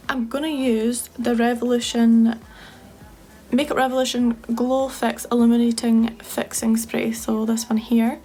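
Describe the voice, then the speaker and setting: Chatty Scottish woman, fairly high voice. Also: steady tone, normal speed, darkish tone, faint music behind. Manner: chatty and enthusiastic, gushing. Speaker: makeup artist. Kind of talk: casual makeup tutorial chat.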